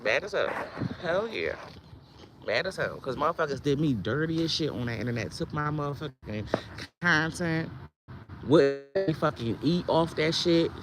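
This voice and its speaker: A woman's voice: low voice, expressive, moderate pace, background noise. A woman who sells herbal products, ranting on her vlog in a heated, blunt, profane way. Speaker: herbal products seller and content creator.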